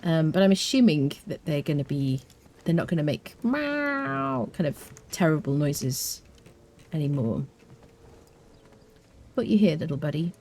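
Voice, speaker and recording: A woman's voice: deep voice, sing-song, unhurried, pauses often, darkish tone. A British woman streaming a game live, chatting casually, rambling with fillers and answering her chat. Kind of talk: casual live gameplay commentary.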